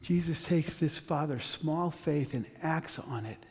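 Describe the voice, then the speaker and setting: A male pastor preaching a sermon with dramatic storytelling, long pauses, and passages that build to loud intensity. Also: a little high, long reverb tail.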